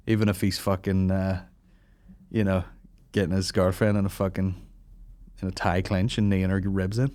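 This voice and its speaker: A man, hosting a comedy podcast in a profane rant, mocking people in loud put-on voices. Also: low voice, little pitch movement, normal speed, pauses often, no room sound. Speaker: podcast host.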